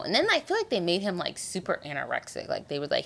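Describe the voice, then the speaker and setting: Animated, emotional woman podcast host. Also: fairly low pitch, fast talker, few pauses. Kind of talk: casual TV episode recap.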